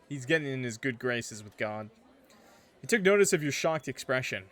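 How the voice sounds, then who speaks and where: A male streamer who reads a dating-sim story aloud, then cuts in with jokes and playful outrage. His voice sits at an ordinary middle pitch and often slides into laughter. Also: very animated, moderate pace, a bit bright. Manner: joking, laughs often, mock-outraged asides. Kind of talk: playing and reading a visual novel with commentary.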